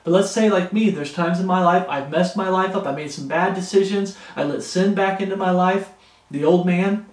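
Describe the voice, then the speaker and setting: A man preaching in an earnest, pleading manner, his voice sitting noticeably high for a man. The recording carries the echo of a roomy space around him. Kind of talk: sermon.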